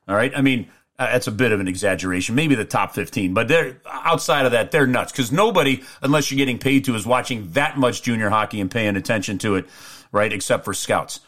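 A man co-hosting a podcast, telling rambling stories in a lively way, full of restarts and asides. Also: medium pitch, fairly quick. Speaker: podcast co-host, hockey play-by-play announcer. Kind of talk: casual storytelling.

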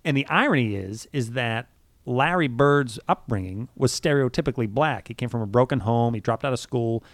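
A man's voice: mid-range voice, expressive, no echo. Wry man from Boston, dry close mic. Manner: quick, wry, knowledgeable sports talk. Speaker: podcast co-host. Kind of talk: casual chat.

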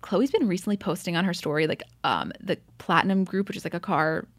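A woman's voice: fairly low pitch, fairly quick, no room sound, studio quality. A young woman co-hosting a podcast, animatedly recapping a reality show episode in casual chat and acting out quotes with plenty of swearing. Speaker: podcast co-host.

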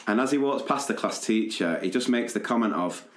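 A man co-hosting a podcast, telling a funny story in a lively, chatty way and laughing as he goes. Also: lowish voice, fairly quick. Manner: animated anecdote-telling with laughter and quoted voices. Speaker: podcast co-host. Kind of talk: casual storytelling chat. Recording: roomy echo.

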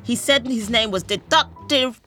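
A woman's voice: a little high, measured pace, pushed and bright, soft background music. A young woman, a comedian, telling a dramatic story in a playful way on a panel show.

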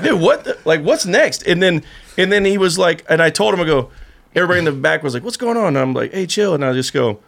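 A man's voice: a little high, gravelly, a bit bright. A man guest on a podcast, telling a rambling story in casual chat and acting out what others said. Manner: rambling storyteller who acts out the other voices.

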